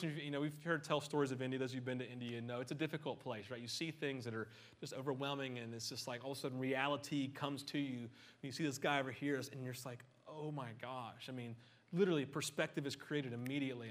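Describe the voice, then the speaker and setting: A middle-aged man preaching a conversational sermon, animated and full of joking asides. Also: medium pitch. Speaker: pastor.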